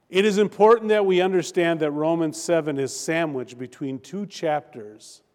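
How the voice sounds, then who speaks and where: A male pastor preaching a sermon in a church, slow and emphatic with deliberate pauses. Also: on the high side, a little mellow. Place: church sanctuary. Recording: long hall reverb.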